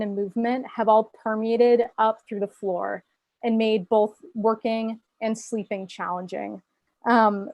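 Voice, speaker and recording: A woman's voice: a little high, no room sound. Young woman giving public comment. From Boston. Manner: earnest, measured complaint with some ums. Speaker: resident speaking at public comment. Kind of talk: public comment at a virtual meeting. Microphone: video call.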